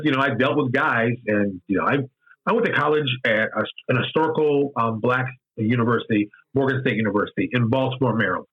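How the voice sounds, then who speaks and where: Man, 50s, candid interview guest. Husky, repeats himself for emphasis, muffled lo-fi recording. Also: mid-range voice. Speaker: interview guest, game designer. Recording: dull lo-fi sound.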